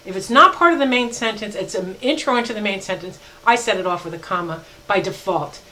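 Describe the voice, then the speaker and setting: A woman's voice: mid-range voice, expressive, bright, forceful tone, poor audio. Emphatic woman professor giving a lecture. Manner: emphatic, slows down to spell out examples; self-correcting, with fillers. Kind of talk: recorded lecture.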